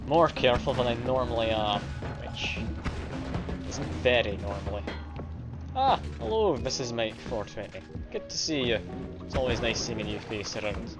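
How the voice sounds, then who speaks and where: With music playing, a man speaks at normal speed in a medium-pitched voice with a mild Scottish accent. He's casually chatting with viewers during a game stream, poking fun at himself and answering their messages.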